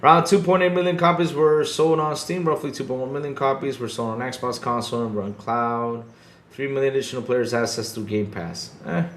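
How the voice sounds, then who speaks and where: A man hosts a casual gaming podcast in an echoey room, laid-back and chuckling, often repeating himself and ending lines with "though." His mid-range voice is fairly bright, with fairly even intonation and a slightly fast pace, over slight background noise.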